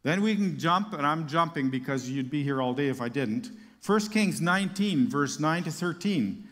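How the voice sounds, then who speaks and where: A man's voice: on the high side, lively intonation, moderate pace, fairly bright tone, in a large hall. A man preaching a sermon, reading Bible verses aloud and explaining them with casual asides and light humor.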